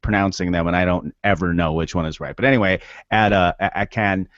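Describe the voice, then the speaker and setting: Male co-host, lowish voice, rambling, dry lo-fi sound. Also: fairly even intonation, fairly quick, a bit bright, no room sound. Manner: rambling, hesitant, many fillers and restarts. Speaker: podcast co-host. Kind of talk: casual podcast chat.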